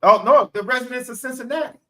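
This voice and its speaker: A man with a high voice hosts a sports chat. He needles the others with teasing questions and keeps the banter moving. His tone stays conversational and quick to poke fun. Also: a bit bright. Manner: needling, steering the talk with questions.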